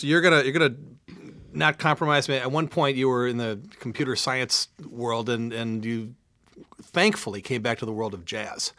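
Male radio host, eager and admiring; bright tone, dry close mic. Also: medium pitch, dry recording. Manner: enthusiastic, admiring, relaxed. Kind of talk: radio interview. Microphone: studio microphone.

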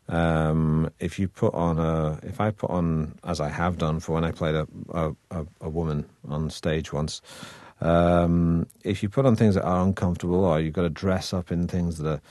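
In a relaxed interview, an actor guest from Manchester speaks in a deep, a little mellow voice, his northern English accent softened toward received pronunciation. His intonation is fairly even, his pace moderate with few pauses, and his wry, chatty talk is full of ums and restarts. The audio is close and dry, with no room sound.

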